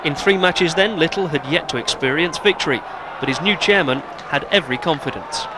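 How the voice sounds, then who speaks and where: A man narrating a documentary in a measured, scripted way. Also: fairly high pitch, noisy background.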